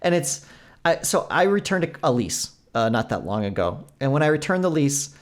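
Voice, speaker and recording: Speaking at a moderate pace in a fairly high-pitched voice, this young adult man co-hosts a casual podcast chat. His storytelling is animated, and he performs the quoted back-and-forth of the people involved.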